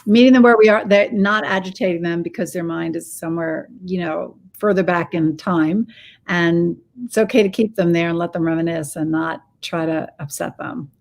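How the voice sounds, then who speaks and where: A woman's voice: on the low side, fairly even intonation, moderate pace. A woman hosting a casual interview, chatty and enthusiastic, telling stories from her own life. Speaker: host.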